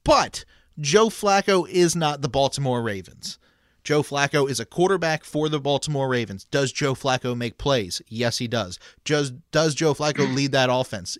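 A man's voice: a little high, a bit bright, dry recording. A man co-hosting a casual sports talk show, making his case by asking questions and answering them himself. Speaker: sports podcast co-host.

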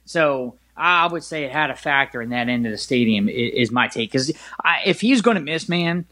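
A man on a sports talk show, telling a stadium story in an excitable, rambling way with many restarts. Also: medium pitch, moderate pace.

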